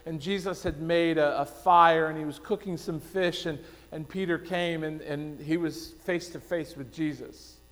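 A man preaching a sermon, telling a story and going quiet for the solemn parts. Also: a little high, fairly even intonation, measured pace, hardly any pauses. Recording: long hall reverb.

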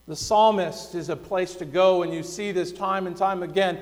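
High-voiced male preacher in a reverberant hall. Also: moderate pace, few pauses. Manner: swings between loud pleading cries and hushed, quiet passages. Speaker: pastor. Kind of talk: sermon.

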